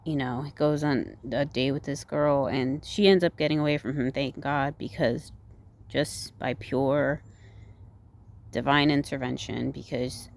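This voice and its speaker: A woman's voice: sits low, gravelly, darkish tone. A woman casually retelling a movie's plot, rambling with lots of "like", "you know" and "right?" tags. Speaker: movie reviewer.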